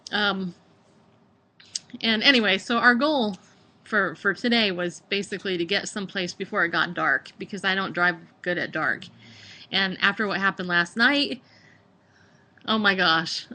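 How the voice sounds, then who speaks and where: Bright-voiced chatty woman host. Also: medium pitch. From California. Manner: rambling, chatty, frequent laughs and fillers. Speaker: podcast host. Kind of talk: casual travel chat.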